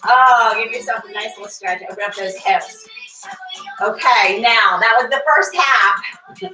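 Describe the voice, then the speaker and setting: Woman barre instructor, slightly high voice, cheerful cueing, recorded on a distant mic in a roomy space. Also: expressive, measured pace, sharp tone. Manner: upbeat, counts reps aloud, chats with class members by name. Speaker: fitness instructor. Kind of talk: live-streamed workout class cueing. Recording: echoey room, voice from far off, faint music.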